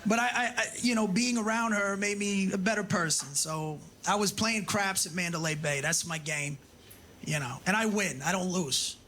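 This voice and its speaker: A man's voice: sits high, normal speed, noisy background. A man doing a stand-up comedy set, telling profane stories and acting out the dialogue himself. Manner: profane, storytelling, acts out dialogue. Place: comedy club stage.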